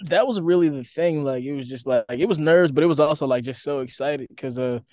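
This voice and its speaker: A young man, a band member, answering interview questions in a relaxed, rambling way with many fillers. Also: fairly high pitch, a little fast, no echo. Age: young adult.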